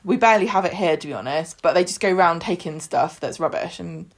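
A woman's voice: on the low side, animated, brisk, vocal fry. A woman, co-hosting a casual podcast and recapping a soap in a chatty, jokey way. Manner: chatty, jokey, full of fillers and acted quotes. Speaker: podcast co-host.

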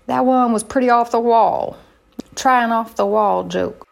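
A woman hosting a comedy show, trading deadpan banter and puns. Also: on the high side, measured pace, gravelly. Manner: deadpan, punning.

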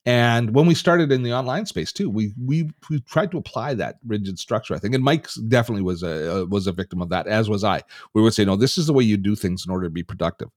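A man's voice: on the low side, animated, quick pace, hardly any pauses, no echo. A middle-aged man co-hosting a podcast, talking in a rambling way with restarts and dry jokes. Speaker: podcast co-host. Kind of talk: casual chat.

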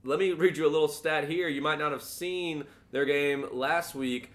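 A man's voice: on the high side, fairly even intonation, moderate pace. Blunt man talking sports bets. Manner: blunt, confident picks. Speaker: podcast co-host. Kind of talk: casual sports betting chat.

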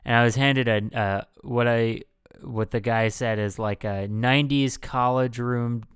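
Young guy podcasting, smooth clear voice, dead dry sound, cussing a lot and ranting loud then going quiet. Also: medium pitch, unhurried, no room sound. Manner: profane, animated, swings from loud rants to mumbled asides. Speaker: podcast co-host. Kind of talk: casual comedy podcast chat.

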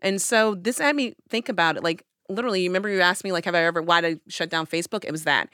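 A woman telling a personal story in casual conversation, acting out her own past lines with lively emphasis. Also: fairly low pitch, rapid-fire, dry recording, clean studio sound.

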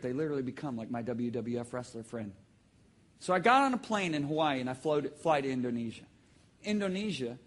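A male preacher delivering a sermon to a live congregation, swinging between quiet storytelling and sudden shouts. His voice is slightly high and husky, with a lively, sweeping pitch. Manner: animated storytelling, sudden shouts and emphatic drawn-out phrases. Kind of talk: sermon with audience call-and-response. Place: church hall with live congregation.

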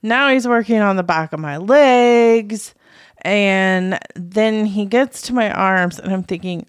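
A young adult woman co-hosting a podcast, telling a story with animated exasperation in casual chat. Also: medium pitch, slow pace, clear, resonant tone, no room sound, studio quality. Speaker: podcast co-host.

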